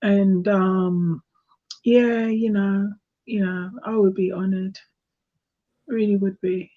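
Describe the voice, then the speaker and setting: A woman with a hoarse, thin voice, a tarot reader hosting her channel in casual, self-mocking chat. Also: medium pitch, steady tone, slow, highs cut off. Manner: chatty, self-mocking, laughs easily.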